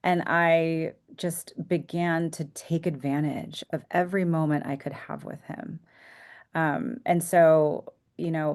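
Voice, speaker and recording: A woman psychotherapist talking reflectively in a podcast interview, sometimes dropping to a hushed voice. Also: low-pitched, creaky. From United States. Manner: reflective, soft-spoken, drifts into hushed tones. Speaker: psychotherapist guest.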